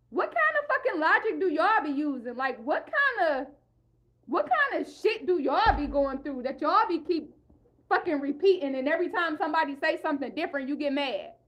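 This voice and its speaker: A woman's voice: very high-pitched, fairly bright tone. A young woman vlogger in a heated, profane rant, repeating herself and speaking in an African American English style. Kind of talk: ranting monologue.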